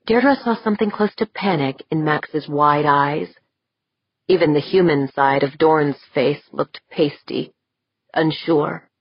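A woman narrating a science-fiction audiobook in a measured, steady storytelling manner. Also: deep voice, husky, dry recording. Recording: slightly dull, dry audiobook recording.

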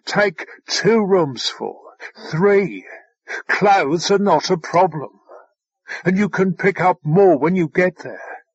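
A man voicing a smooth, dryly sardonic machine drone in an audiobook. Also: high-pitched, animated, takes it slowly, no echo, highs cut off, full character voice. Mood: patient. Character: dry-witted ship drone, a machine, unflappable. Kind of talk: audiobook character voice.

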